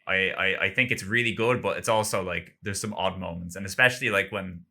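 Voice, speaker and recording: On a gaming podcast, a deep-voiced man speaks fairly quickly in a bright, forceful tone. His casual chat wanders all over, and he says "like" constantly.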